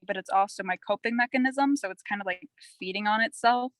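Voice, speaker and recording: A woman's voice: a little high, fairly quick, few pauses, a bit bright, no room sound, rough recording. A young woman from Canada, a podcast guest, telling her story in a rambling, candid, chatty way. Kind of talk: candid casual conversation.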